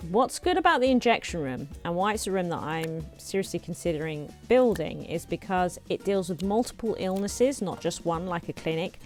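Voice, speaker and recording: A woman hosting a let's play, chatting casually and thinking aloud as she builds, her voice slightly hoarse. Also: lowish voice, lively intonation, moderate pace, hardly any pauses, darkish tone, soft background music. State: slightly hoarse, clearing throat. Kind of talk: casual gameplay commentary.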